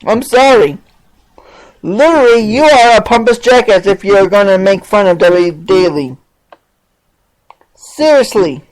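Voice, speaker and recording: A man's voice: sits high, unhurried, long pauses, rough recording. A male podcast host ranting in a mocking, sarcastic way, over and over asking "seriously". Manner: sarcastic, keeps saying "seriously".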